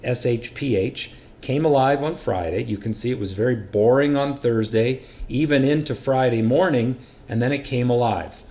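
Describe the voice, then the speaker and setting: A man teaches a screen-share market lesson for his stock trading education channel, plainly and practically explaining risk and stop losses. His mid-range voice is mellow, and he speaks at a moderate pace with few pauses.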